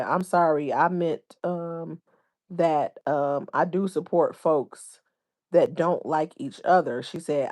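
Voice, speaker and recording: A woman's voice: deep voice, a little mellow. Chatty woman host reading live comments. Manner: chatty, reads viewer comments aloud, informal slang. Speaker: livestream host.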